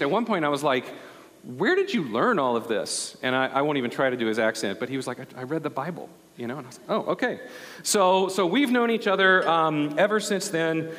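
A male pastor telling a story in a relaxed, conversational sermon, often restarting his sentences. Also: fairly high pitch, long reverb tail.

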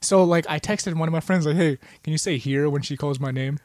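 A man's voice: a little high, a little fast, no echo. Giggly young man telling stories. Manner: animated storyteller, giggly, acts out quotes. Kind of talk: casual chat among friends.

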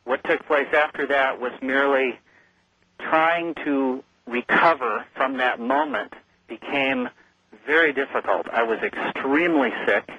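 Heard through a muffled telephone line, a man appears as a call-in radio guest, telling his story earnestly and vividly. His medium-pitched voice is a little slow, sharp-toned and husky, with no echo.

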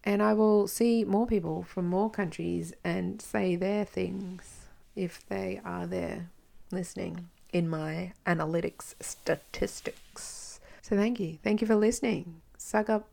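An Australian woman hosts a solo podcast in a loose, chatty way, frank and unfiltered. Her voice sits fairly low, with a gravelly fry running through it. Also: steady tone, takes it slowly, warm tone. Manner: chatty, frank, swears freely. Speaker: podcast host. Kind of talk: casual solo podcast talk.

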